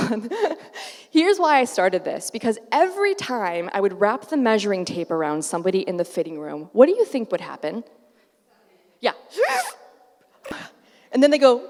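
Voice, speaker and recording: A middle-aged woman giving a keynote talk at a conference, animated and acting out the voices she quotes. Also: medium pitch, normal speed, long pauses. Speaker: keynote speaker. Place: large conference hall. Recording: echoey hall, far from mic.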